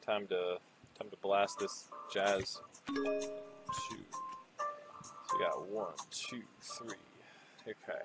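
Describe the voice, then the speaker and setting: A man's voice: sits low, steady tone, measured pace, poor audio. A man hosting a let's play, chatting casually and goofily with silly nonsense rhymes. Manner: goofy, playful nonsense rhymes. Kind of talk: casual gaming banter. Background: game music.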